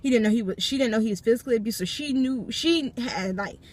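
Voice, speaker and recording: A woman's voice: fairly high pitch, fast talker, a little mellow. A young adult woman vlogger recounting a personal story from a parked car, talking emphatically and turning to her viewers again and again. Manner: emphatic, keeps addressing viewers directly. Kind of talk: storytime vlog.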